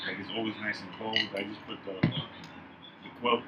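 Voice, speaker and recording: A man in casual chat who agrees calmly and adds short, level-headed remarks. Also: fairly low pitch, normal speed. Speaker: podcast co-host. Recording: dull lo-fi sound with clear background hiss.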